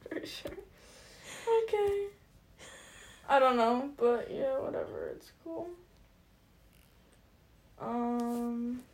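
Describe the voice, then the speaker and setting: A young woman of eighteen chatting casually with a friend, slangy and quick to laugh, sometimes mumbling her words together. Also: fairly high pitch, lively intonation, a little mellow. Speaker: podcast co-host. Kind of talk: casual chat.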